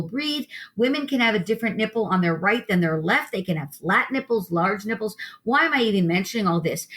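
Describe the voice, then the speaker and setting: A woman lactation consultant and herbalist being interviewed, talking emphatically and telling vivid stories from her practice. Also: a little high. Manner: emphatic, animated storyteller who addresses the host by name. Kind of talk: interview conversation.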